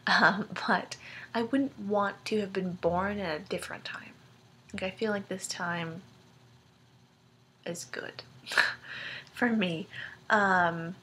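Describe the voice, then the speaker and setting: With a medium-pitched, fairly bright voice, a young woman rambles through a casual vlog for her friends, giggling and saying um and like often. There is slight background noise.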